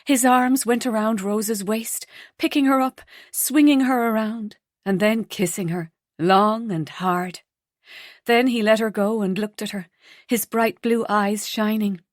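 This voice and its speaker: A woman's voice: mid-range voice, fairly even intonation, unhurried, no echo. Woman audiobook narrator, dry sound. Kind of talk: scripted narration.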